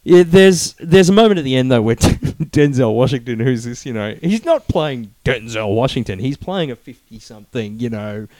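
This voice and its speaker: A man co-hosts a casual film review chat, animated and full of restarts and fillers. His voice sits in a middling range. It is recorded dry and close. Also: mid-range voice, moderate pace, hardly any pauses, no room sound.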